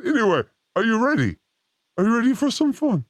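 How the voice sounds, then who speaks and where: A man's voice: very high voice, very animated, fairly quick, no room sound. A man hosting a casual live-stream chat, provocative and jokey in an irreverent way. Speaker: host.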